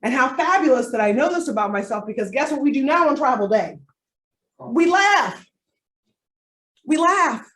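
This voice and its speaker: Animated woman coaching a room. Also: sits high, moderate pace, long pauses. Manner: animated and playful, with comic asides. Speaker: workshop coach. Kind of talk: live workshop presentation. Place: room with a live audience. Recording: echoey room, distant mic.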